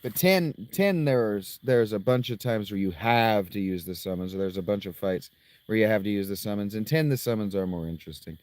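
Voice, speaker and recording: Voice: deep voice, lively intonation, a little fast, darkish tone, dry recording. A game streamer chatting casually while playing, with ums and offhand swearing. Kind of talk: casual let's-play commentary.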